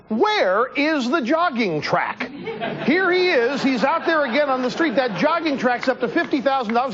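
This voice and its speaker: A man hosting a TV talk show, delivering an animated, joking political monologue in the studio and talking to his crew. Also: very high voice. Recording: dull lo-fi TV broadcast.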